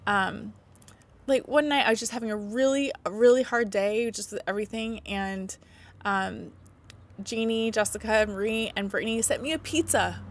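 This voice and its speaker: A woman's voice: fairly high pitch, normal speed. A woman in her thirties, a mother vlogging to camera, talking in a heartfelt way, close to tears and laughing through her nerves. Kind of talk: emotional casual vlog to camera.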